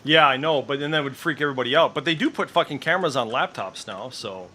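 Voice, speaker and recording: A man's voice: mid-range voice, fast talker, sharp tone, slight background noise. A middle-aged man streaming in casual voice chat, ranting with heavy profanity and strong opinions.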